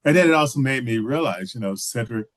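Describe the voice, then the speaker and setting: A man's voice: medium pitch, animated, quick pace, dry recording. A man, a filmmaker guest from Texas, telling stories in a casual video call interview with many restarts and "you know"s.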